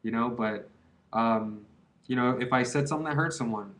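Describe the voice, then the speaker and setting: A man's voice: medium pitch, moderate pace, a bit bright. A man in his twenties giving rambling, earnest advice on quitting, repeating himself in casual slang. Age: 20s.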